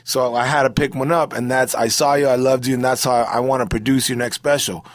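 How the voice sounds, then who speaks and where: A man's voice: medium pitch, steady tone, quick pace. A middle-aged man, a comedian, telling stories in a loose, rambling way, full of "bro" and "you know". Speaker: comedian guest. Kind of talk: casual storytelling interview.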